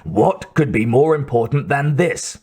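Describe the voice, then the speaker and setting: A man's voice: medium pitch, expressive, unhurried, a little mellow, breathy edge. A man reading as an impatient male defense executive who grumbles and pushes. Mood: grumbling. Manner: grumbling, pushy.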